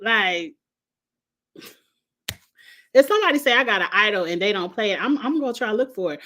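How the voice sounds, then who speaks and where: A woman's voice: mid-range voice, animated, a little fast, a bit bright. A middle-aged woman recapping a reality show in casual chat, blunt and sassy, laughing at her own jokes.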